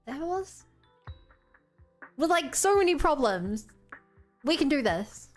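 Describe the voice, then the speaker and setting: A woman's voice: high voice, big pitch swings, takes it slowly, soft background music. A woman with a New Zealand accent chatting casually and playfully on a gaming stream, with lots of "like" and "oh my god".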